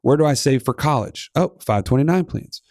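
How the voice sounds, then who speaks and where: A man in his thirties with a gravelly edge chats animatedly on a finance podcast, with a streak of playful sarcasm. The sound is dry and close, with no room around it. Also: medium pitch, lively intonation, a little fast, a little mellow, no room sound. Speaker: podcast co-host. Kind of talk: casual finance podcast chat.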